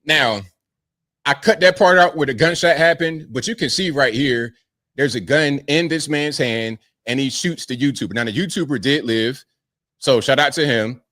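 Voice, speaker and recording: A man commenting on a news video in a quick, explanatory way. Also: medium pitch, fairly bright tone.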